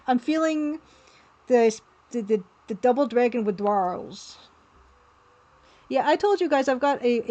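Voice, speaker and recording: A woman who is an artist and game developer livestreams her art, chatting casually and playfully and laughing easily. Her voice sits high but has a darkish tone.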